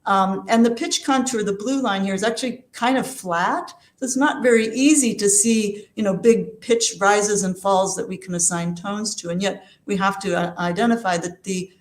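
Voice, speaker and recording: A woman's voice: medium pitch, roomy sound. A woman giving an academic lecture, explaining steadily with frequent fillers and restarts. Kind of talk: academic talk.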